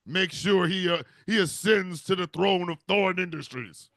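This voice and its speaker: A man voicing a devil, the father of the Antichrist, who gives solemn commands and shouts. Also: sits high, a little slow, no room sound, studio quality. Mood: commanding.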